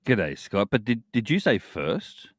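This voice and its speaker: Australian male co-host, easygoing joker, low lively voice, dry mic. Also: unhurried, no room sound. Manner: laid-back, chuckling, joking. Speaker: podcast co-host. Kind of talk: casual live podcast banter.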